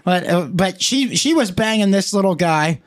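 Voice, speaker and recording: A man with a high voice hosts a podcast, riffing through crude, rambling jokes and swearing freely. His talk is loose, casual and quick to veer off. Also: animated. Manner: rambling, joking, heavy swearing. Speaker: podcast host. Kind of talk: casual profane banter.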